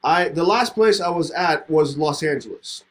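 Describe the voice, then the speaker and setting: A man's voice: on the high side, moderate pace. A man, a podcast host telling a personal story in casual conversation and acting out the voices in it. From Middle East. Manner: animated, acts out both sides of a story.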